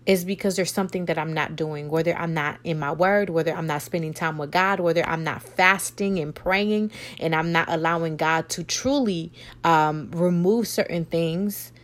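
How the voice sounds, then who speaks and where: Playful woman podcast host, lowish voice. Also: moderate pace. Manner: animated and playful, slangy asides. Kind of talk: casual faith talk podcast.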